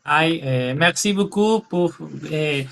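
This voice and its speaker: A man's voice: fairly high pitch, animated, slow, a bit bright. A man from Spain with a Spanish accent, a guest on a live fan stream, talking effusively with many restarts and switching between French and English. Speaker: guest, fan website administrator. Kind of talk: casual live-stream chat.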